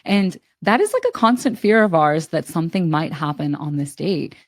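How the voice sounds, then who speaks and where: A woman's voice: deep voice, expressive, normal speed, dry recording, studio quality. A young woman co-hosting a podcast, casually and expressively retelling a film plot with plenty of filler words. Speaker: podcast co-host. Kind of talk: casual chat.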